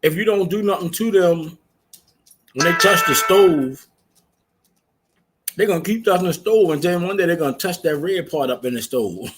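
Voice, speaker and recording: A man's voice: high-pitched, fast, few pauses, darkish tone, a little hiss or hum. A man on a casual podcast, telling stories with lots of swearing and laughing as he goes. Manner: storytelling, profane, laughs while telling. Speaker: podcast co-host. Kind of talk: casual chat.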